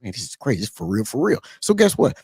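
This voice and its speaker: Gravelly middle-aged man preaching to his listeners. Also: medium pitch, wildly swooping pitch, fast talker, darkish tone, dry recording, clean studio sound. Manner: preachy, rhetorical, addresses listeners as y'all. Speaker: trucker commentator. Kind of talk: casual monologue.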